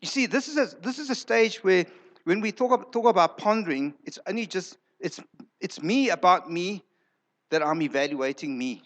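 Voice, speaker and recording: A man's voice: sits high, lively intonation, moderate pace. A male pastor preaching a sermon in a church, emphatic, repeating words for effect and acting out quoted lines.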